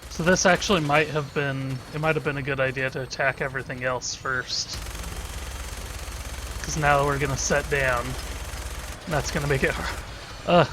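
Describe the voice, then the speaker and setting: A man's voice: mid-range voice, fairly even intonation, normal speed, noisy background. A man giving casual gameplay commentary as a let's play host, joking and irreverent, thinking aloud. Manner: joking, irreverent, talks to himself.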